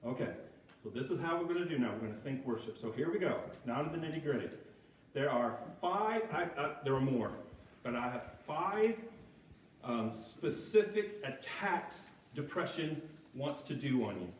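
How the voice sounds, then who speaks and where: A man's voice: medium pitch, animated, normal speed, slight background noise. A man giving an informal, conversational talk at a church recovery group, often checking in with "okay?" and laughing at himself. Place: church hall. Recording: echoey hall from far off.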